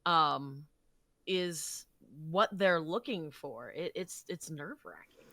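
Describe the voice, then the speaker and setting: Woman podcast host, low-ish voice, reflective and conversational. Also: animated, slow, creaky, bright, forceful tone, no room sound. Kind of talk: casual podcast chat.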